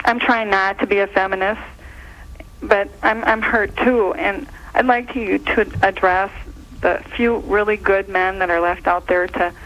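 A woman's voice: mid-range voice, a bit bright, lo-fi sound. A woman from Minnesota calling in to a talk show, speaking gushingly with hesitant restarts. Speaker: caller. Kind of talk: phone-in call to a talk show.

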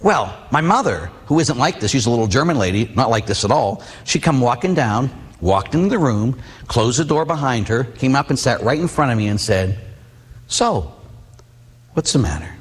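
Middle-aged priest guy preaching, telling stories and tossing questions at the crowd, big hall echo, mid-pitched voice. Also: lively intonation, brisk, breathy edge. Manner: storytelling, rhetorical questions to the audience. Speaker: Catholic priest. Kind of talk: sermon with personal stories. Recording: long hall reverb.

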